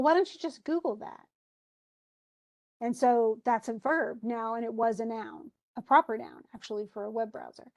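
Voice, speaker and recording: A woman teacher with a fairly high voice talks through a play in a relaxed, chatty way. She wanders off onto side topics. She keeps translating old phrasing into simple modern words. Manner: chatty and digressive, paraphrasing old text into plain words. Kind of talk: informal lesson explaining a play.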